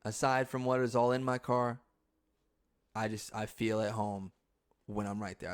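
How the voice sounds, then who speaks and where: A young man hosting his own podcast, chatting casually about his week. He talks loosely and profanely, jumping between quiet asides and sudden loud bursts. His pitch sits in an ordinary middle range. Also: steady tone, unhurried, pauses often. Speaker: podcast host. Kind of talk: casual storytelling monologue.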